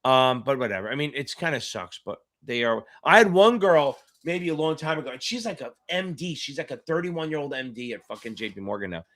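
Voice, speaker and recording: A man's voice: mid-range voice, expressive, brisk, few pauses, fairly bright tone. A middle-aged man tutoring on a casual live-stream Q&A, talking in a rambling, chatty way and swearing now and then. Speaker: exam tutor.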